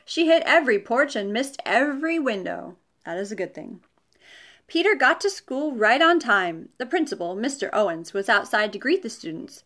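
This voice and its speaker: Woman storyteller, children's read-aloud, animated pitch, rather high voice, chatty asides. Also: normal speed.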